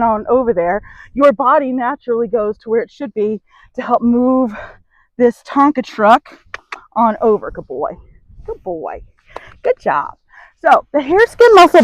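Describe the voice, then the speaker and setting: A woman horse trainer giving a hands-on demonstration, explaining to the camera as she works a horse and softly praising it between points. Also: a little high, no room sound, lo-fi sound. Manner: talks to the camera while working a horse, with soft praise between.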